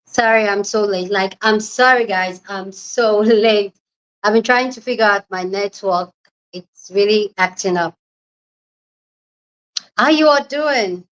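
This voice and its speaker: A woman's voice: medium pitch, unhurried, a bit bright, clear, resonant tone, dull audio. A young woman with a Nigerian accent hosting a casual livestream chat from home, bubbly and laughing often as she greets viewers. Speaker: livestream host.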